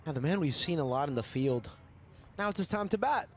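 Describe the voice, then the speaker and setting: A man giving live cricket commentary, chatty and getting excited on big shots. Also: on the high side, brisk, slight background noise.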